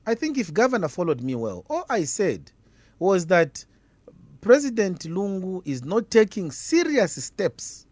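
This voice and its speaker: A man's voice: on the high side, no echo. A man with a Zambian accent, an opposition politician arguing hard as a guest in a radio debate, hammering his points with repeated questions. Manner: combative, repeats questions for emphasis.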